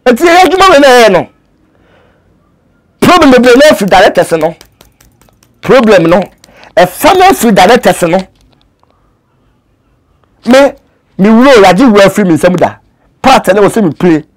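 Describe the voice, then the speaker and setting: A man's voice: sits high, animated, brisk, long pauses. A Ghanaian man, a native Twi speaker who works as an actor, talking in an earnest, pleading way and switching between languages. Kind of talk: casual interview talk.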